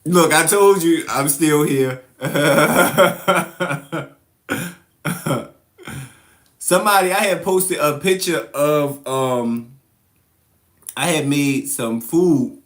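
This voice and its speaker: A man with a slightly high voice hosts a relaxed livestream and answers his viewers' comments as they come in. He laughs a lot and ribs the commenters in a playful way. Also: slow pace. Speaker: livestream host.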